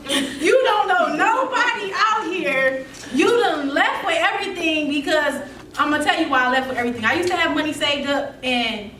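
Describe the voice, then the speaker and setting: A young woman speaks at a seminar, her voice high, bright and lively. She tells her story with feeling and laughs through it. She sounds distant in an echoey room with faint noise behind. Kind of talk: motivational storytelling.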